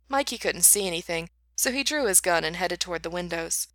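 Bright, dry-voiced woman reading a story. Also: fairly low pitch, lively intonation, brisk, no echo. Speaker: narrator. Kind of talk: storybook narration.

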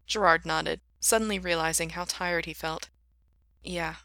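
A woman reading a fan fiction story aloud in an even, unhurried way. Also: lowish voice, gravelly, no room sound.

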